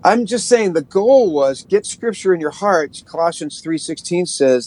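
A middle-aged pastor talks in a relaxed, upbeat way, his voice sitting a little high for a man. He slows right down whenever he reads scripture aloud. The sound is close and dry, with no room echo. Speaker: pastor and worship leader. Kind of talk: casual podcast advice.

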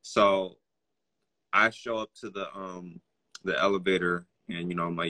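A young man with a low, bright, forceful voice tells personal stories in relaxed conversation. He acts out the other people in his stories with lively changes of voice. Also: unhurried. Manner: animated, acts out other people's lines in a raised voice. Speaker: guest telling personal stories. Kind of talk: casual conversational storytelling.

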